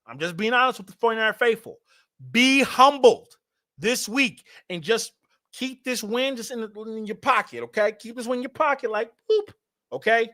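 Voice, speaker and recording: A young man hosting a sports fan livestream, animated and hyped, talking straight to his chat. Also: very high-pitched, brisk, dry recording, studio quality. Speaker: fan show host.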